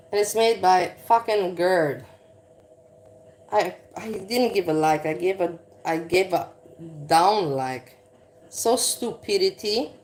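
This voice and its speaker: Woman vlogger, cooking at home, blunt and foul-mouthed, rambling, mid pitch. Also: a little mellow, a little hiss or hum. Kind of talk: casual rambling chat. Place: home kitchen while cooking.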